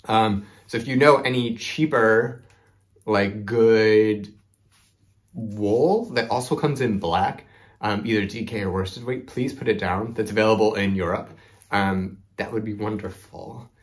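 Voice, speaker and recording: A man's voice: fairly low pitch, measured pace. A young man hosting a knitting video, chatting casually to camera with lots of "like" and "um". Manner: chatty, rambling, frequent "like" and "um". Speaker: knitting podcast host.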